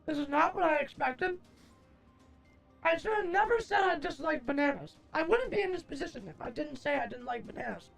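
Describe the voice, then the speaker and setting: She's a young woman streaming from home with a very high voice that has a gravelly, fry-laden edge. She rambles, swears freely and snaps back at her chat in exasperation. Faint music plays behind her. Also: expressive, brisk. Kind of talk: casual live-stream chat.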